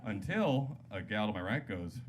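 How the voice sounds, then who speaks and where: Stand-up comic, male, lively swinging pitch, loud crowd noise over a live club recording. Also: normal speed. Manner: loose, jokey delivery with sudden loud voiced-up quotes. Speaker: stand-up comedian. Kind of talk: stand-up set. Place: comedy club stage. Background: loud audience laughter.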